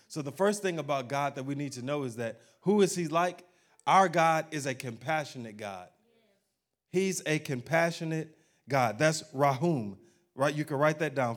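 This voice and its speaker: A male pastor preaching a sermon to his congregation in an animated, humorous manner. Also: mid-range voice.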